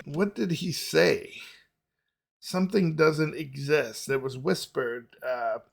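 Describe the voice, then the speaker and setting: Gravelly man musing over music. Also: on the high side, fairly even intonation, slow pace. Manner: musing aloud, many fillers and restarts, laughs easily. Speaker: music reaction host. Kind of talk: casual reaction commentary. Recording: music playing behind the voice.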